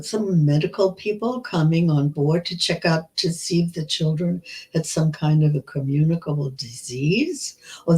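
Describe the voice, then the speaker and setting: Older woman, 90s, interview guest; slow, halting storyteller, frequent restarts. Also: sits low, darkish tone, poor audio. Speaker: Holocaust survivor guest. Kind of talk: recounting memories in an interview.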